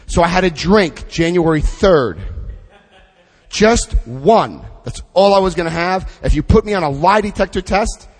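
A middle-aged man giving a personal recovery testimony to an audience, telling his story with dramatic pauses. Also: fairly high pitch. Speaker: recovery speaker. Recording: hall reverb.

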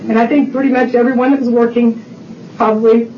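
A woman's voice: fairly high pitch, little pitch movement, fast, a little hiss or hum. A middle-aged woman shares her personal testimony at a recovery meeting, rambling and full of fillers. She is picked up from a distance in a roomy, echoing space. The sound is muffled and dull. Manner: chatty storytelling with many fillers.

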